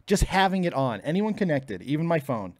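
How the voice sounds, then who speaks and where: A man's voice: a little high, big pitch swings, brisk, a little mellow, dry recording. A man hosting a casual live stream from home, frustrated and swearing freely between bursts of laughter. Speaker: podcast host.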